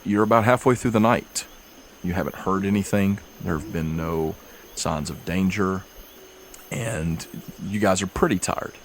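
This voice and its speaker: Male game master, low voice, casual narrator, slight background hiss. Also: measured pace. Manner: relaxed, easygoing narration with fillers.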